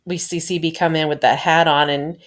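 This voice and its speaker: Gushing low-voiced woman reviewer. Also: level tone, fairly quick. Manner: rambling, gushing, frequent laughs and sighs. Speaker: fan reviewer of a TV show. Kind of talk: casual gushing episode review.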